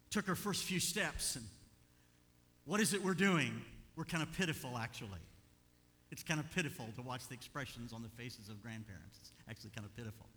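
Older male pastor, bright forceful voice, animated sermon delivery, church reverb. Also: on the high side. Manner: animated, swings from quiet asides to loud urging.

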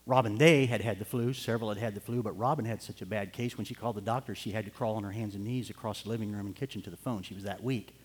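A man's voice: fairly low pitch, fairly even intonation, quick pace, hardly any pauses, husky. A middle-aged man preaching a sermon, telling a personal story in an earnest way and building to fervent urging. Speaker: pastor. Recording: long hall reverb.

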